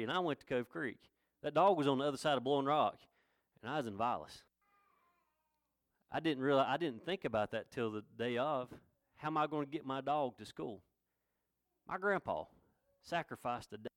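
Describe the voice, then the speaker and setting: A middle-aged man preaching a sermon in a folksy, earnest way, building to loud proclamations. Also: mid-range voice, dry recording, studio quality. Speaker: pastor.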